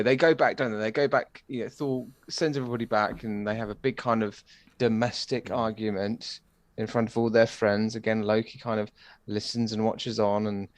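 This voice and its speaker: Easygoing British podcast co-host, dry sound. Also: male voice, medium pitch, no room sound. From United Kingdom. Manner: easygoing, agreeable, recaps with slang. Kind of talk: casual chat.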